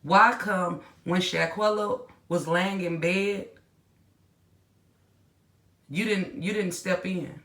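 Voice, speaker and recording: A woman's voice: fairly low pitch, fairly even intonation, takes it slowly, pauses often, fairly bright tone, reverberant. A woman hosting a commentary channel, talking bluntly and in slang straight to her viewers, scolding and then winding down. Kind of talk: casual reaction commentary.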